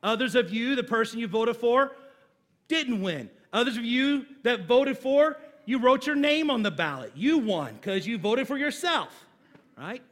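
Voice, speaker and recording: A man pastor preaching a sermon in a church, leading call-and-response with slow, deliberate delivery and sudden loud emphases. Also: extremely high pitch, lively intonation.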